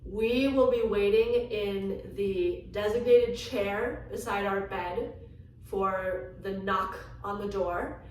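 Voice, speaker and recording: Animated woman telling a story, echoey room. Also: mid-range voice, a little hiss or hum. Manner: animated storytelling, acts out quoted lines. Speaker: vlogger. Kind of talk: storytelling vlog. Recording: echoey room from a distance, faint ambience.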